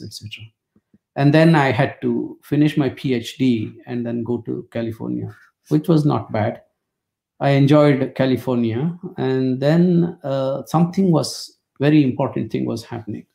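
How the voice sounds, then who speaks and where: Gravelly-voiced older man lecturing. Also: medium pitch, mellow. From India. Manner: anecdotal, wry storytelling with dry jokes. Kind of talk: webinar lecture.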